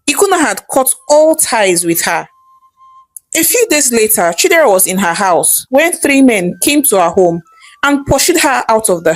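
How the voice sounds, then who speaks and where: A woman narrating a folktale in an expressive, measured storytelling manner. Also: mid-range voice, dry recording, rough recording.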